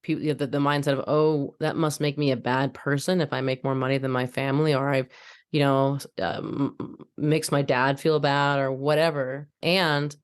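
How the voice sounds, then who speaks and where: A woman's voice: rumbling low, little pitch movement, normal speed, clear, resonant tone. A woman hosting a podcast interview, speaking casually and thoughtfully, often repeating words as she works out her point. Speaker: podcast host, chiropractor.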